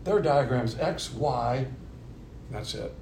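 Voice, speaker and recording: A man with a gravelly, middle-pitched voice teaches Bible doctrine from his notes, moving methodically from one lettered point to the next. He poses questions and answers them himself, and now and then clears his throat. A faint low rumble sits under the recording. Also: lively intonation, slow pace, a little mellow. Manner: methodical, walks through numbered points and asks questions back.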